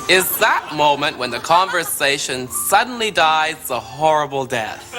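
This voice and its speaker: Brief: a vain, catty socialite, highish voice, slow drawling theatrical delivery, music bed under it. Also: male voice. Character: flamboyant gay male socialite, catty and vain. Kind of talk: sketch comedy monologue.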